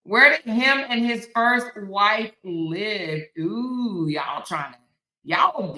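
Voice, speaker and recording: A woman's voice: mid-range voice, extremely slow. Chatty woman in an echoey room. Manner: animated, dramatic exclamations and laughter. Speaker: commentary livestream host. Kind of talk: casual chat to viewers.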